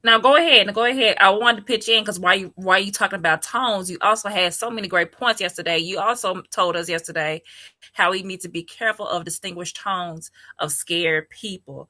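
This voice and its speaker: A woman co-hosting a church talk show, encouraging and prompting her co-host with quick affirmations. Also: medium pitch, sharp tone, no echo. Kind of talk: casual faith discussion.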